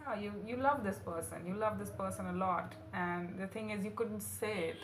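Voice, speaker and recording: A woman's voice: mid-range voice, normal speed. A woman doing a tarot reading for her viewers, earnest and emotional, calling the listener honey. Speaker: tarot reader. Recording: roomy echo, faint room noise.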